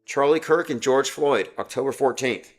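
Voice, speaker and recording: A man in a mid-pitched voice hosts a casual livestream at a moderate pace, talking in a loose, rambling, sarcastic way. He breaks off from his points to greet viewers and read their comments aloud.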